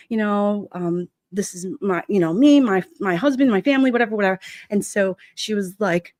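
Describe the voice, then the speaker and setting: A middle-aged woman with a New York accent chats her way through a story on a livestream, laughing a lot and slipping into the voices of the people she quotes. Her pitch sits in an ordinary middle range. The recording is close and dry, with no room sound. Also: normal speed, dry recording. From Brooklyn, New York. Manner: animated, laughing often, acts out quotes. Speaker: livestream vlogger. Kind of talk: casual storytelling chat.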